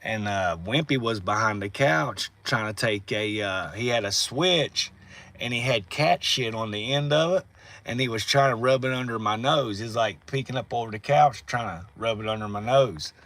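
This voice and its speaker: A male livestream host with a lowish, fairly bright voice talks at normal speed. He tells rambling stories casually in a profane, drawling manner.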